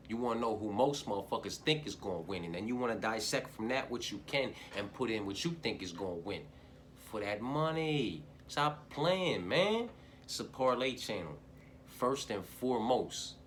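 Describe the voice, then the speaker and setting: A man's voice: lowish voice, expressive, moderate pace, a bit bright, a little hiss or hum. A man hosting a fight-betting picks channel, talking in a profane, rambling, fired-up way with lots of slang fillers. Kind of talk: casual solo picks monologue.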